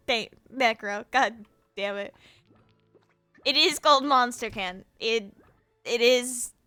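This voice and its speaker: A woman's voice: fairly high pitch, slow, bright, forceful tone, dry recording, faint music behind. A young American woman streaming a video game, chatting casually and playfully with her viewers and laughing often. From United States. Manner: chaotic, playful, laughs often, teases chat. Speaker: VTuber streamer.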